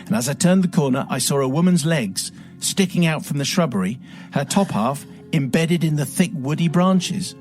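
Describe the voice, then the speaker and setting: A man's voice: a little high, expressive, moderate pace, darkish tone, faint music behind. A man hosting a radio show, reading a listener's letter aloud with wry, dramatic storytelling. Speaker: radio host.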